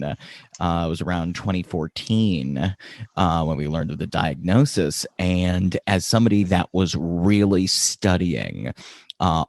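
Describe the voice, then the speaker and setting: Low-voiced male podcast host, eager and chatty. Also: darkish tone, dry recording, clean studio sound. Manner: eager, many fillers like "like" and "um". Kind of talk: casual interview chat.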